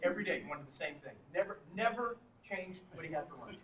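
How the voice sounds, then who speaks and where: A man's voice: high voice, expressive, fast, fairly bright tone. A man from Texas telling laughing, profane anecdotes as a guest on a convention panel, heard in a noisy hall from far off.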